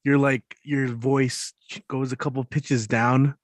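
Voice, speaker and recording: A man co-hosting an online open mic, chatting over a video call. His banter is laid-back and full of slang, and he laughs easily. His voice sits in an ordinary middle pitch. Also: little pitch movement, measured pace. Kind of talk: casual banter.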